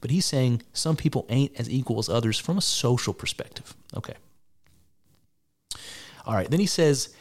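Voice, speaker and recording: A man's voice: medium pitch, expressive, normal speed, a little mellow. A man giving sarcastic, exasperated and profane reaction commentary on a debate. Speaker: political commentator.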